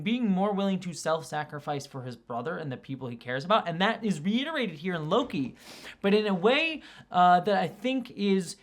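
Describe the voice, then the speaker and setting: Chatty woman reviewing a TV finale. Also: sits low. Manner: rambling, filler-heavy, animated when excited; acts out quoted lines in quick bursts. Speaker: film and TV reviewer, channel host. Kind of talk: casual video review commentary.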